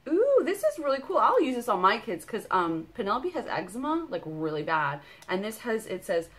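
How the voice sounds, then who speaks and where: A woman's voice: fairly high pitch, wildly swooping pitch, normal speed, fairly bright tone. A woman in her thirties chatting casually as she unboxes products for her vlog, bubbly and full of fillers. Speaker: vlogger.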